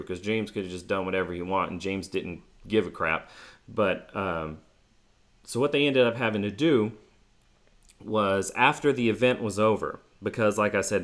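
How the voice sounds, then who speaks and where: A man's voice: on the low side, moderate pace, fairly bright tone. A man with a loose, filler-heavy way of talking tells a long casual story about his time working with a team. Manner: rambling, filler-heavy, lots of 'like'. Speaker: former team staffer telling a story.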